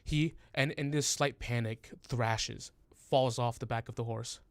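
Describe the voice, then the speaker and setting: A man narrating a tabletop role-playing game as game master, speaking very slowly and hesitantly. His voice is mid-pitched and recorded close and dry, with no room sound. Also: steady tone, no echo. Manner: hesitant, many fillers and restarts.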